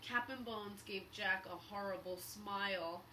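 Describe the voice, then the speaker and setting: A woman teacher reading a children's book aloud at story time, expressive and encouraging. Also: fairly high pitch, a little slow, distant mic, a little hiss or hum, poor audio.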